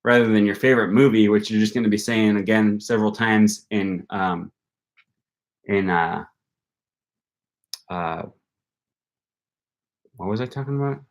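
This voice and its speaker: Young man, Wisconsin accent, slightly low voice, rambling livestream chat, lots of fillers. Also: unhurried, pauses often. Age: young adult. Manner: rambling, thinks aloud with many ums and likes. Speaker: language-learning channel host. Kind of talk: casual livestream chat with viewers.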